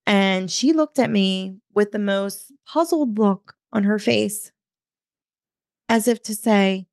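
A woman in her thirties, a podcast host, telling a story casually in an animated way, swearing and quoting her own thoughts. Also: mid-range voice, normal speed, smooth, no echo, clean studio sound. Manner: animated, swears, talks to herself in quotes.

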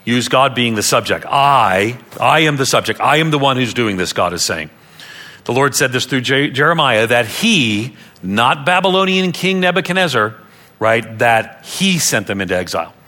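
A man's voice: mid-range voice, animated, normal speed, bright, forceful tone. A man preaching a sermon as a pastor, from Long Island, earnestly teaching and repeating key phrases for emphasis. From Long Island, New York.

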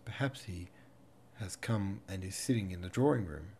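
A man's voice: low voice, normal speed, darkish tone, a little hiss or hum. A man reading the part of a restless young woman, anxious and wistful in tone. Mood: anxious yearning.

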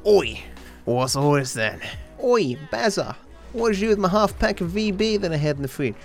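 A man's voice: high voice, lively intonation, normal speed, creaky, soft background music, voice pushed up. A man with an exaggerated broad Australian accent, putting on a crude, swearing stereotypical Australian bloke. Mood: gruff, brash.

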